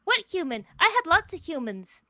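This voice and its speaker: A woman voicing an excitable, friendly female dog who gushes with breathless exclamations. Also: very high voice, moderate pace, no room sound, voice pushed up, exaggerated voice. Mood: eager.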